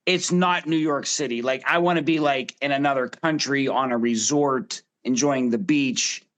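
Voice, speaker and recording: A man's voice: mid-range voice, moderate pace, fairly bright tone. A man hosting a casual podcast roundtable, upbeat and putting questions to each guest in turn. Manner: upbeat, quizzes the others in turn. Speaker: podcast host.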